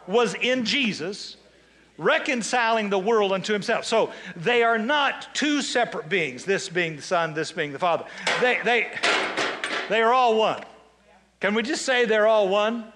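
A male pastor with a high, bright voice delivers a sermon. He slows right down to read scripture and leads the congregation in repeating lines. Between passages he drops into casual, joking asides. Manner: preaching with call-and-response, reading scripture slowly; conversational asides and humor.

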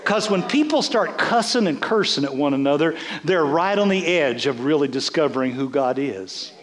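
A man's voice: fairly high pitch, lively intonation, moderate pace, roomy sound. A man, a bishop, preaching a folksy sermon, repeating words as he builds.

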